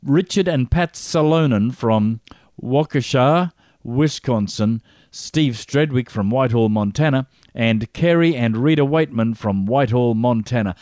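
A man's voice: medium pitch, measured pace, darkish tone, no echo, clean studio sound. A man hosting a gospel podcast, reading out supporters' names and home towns with playful jokey asides. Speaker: podcast host.

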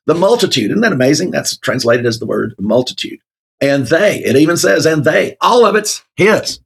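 A man's voice: fairly high pitch, lively intonation, moderate pace, gravelly, slightly rough. A man co-hosting a casual Bible discussion, rambling with many fillers and frequent laughs. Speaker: co-host of a Bible talk show.

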